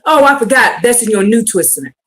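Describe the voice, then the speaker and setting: A woman preaching a livestreamed sermon, fervent and building to shouted exhortation. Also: on the high side, expressive, fairly quick.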